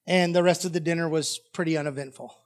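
A man's voice: fairly high pitch, fairly even intonation, fast talker. A man preaching a sermon as pastor, telling a story animatedly and acting out the dialogue.

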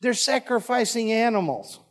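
Man, pastor, high-pitched, folksy sermon delivery with jokes. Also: lively intonation, moderate pace. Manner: folksy, joking asides to the congregation.

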